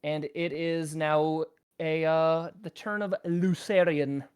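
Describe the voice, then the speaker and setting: A man's voice: on the high side, fairly even intonation, slow, a little mellow, clear, resonant tone. A man narrating as game master in a casual tabletop game, rambling with lots of ums and laughs.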